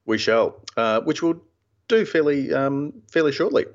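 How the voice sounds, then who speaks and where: Relaxed Australian man hosting from home. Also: mid-range voice, unhurried, lo-fi sound. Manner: easygoing, rambling with restarts. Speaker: podcast host. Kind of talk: casual chat and read sponsor spot. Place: home studio.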